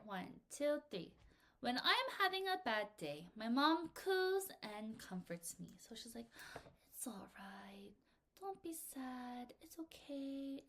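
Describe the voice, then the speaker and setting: A young adult woman teaching English vocabulary to young learners in a recorded lesson, with clear, animated delivery and little acted examples. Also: fairly high pitch.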